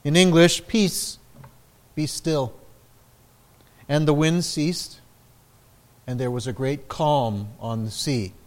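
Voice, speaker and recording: A man preaching a sermon in a slow, measured way, raising his voice for quoted lines. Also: medium pitch, lively intonation. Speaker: pastor.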